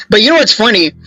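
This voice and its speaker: Bright high-voiced man rambling about charts. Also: poor audio. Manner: rambling and joking, many restarts. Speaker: stock chart analyst, channel host. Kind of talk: casual market commentary.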